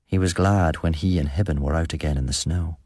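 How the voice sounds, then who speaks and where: A man narrating an audiobook in an even, measured storytelling manner. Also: very deep voice, no echo, clean studio sound.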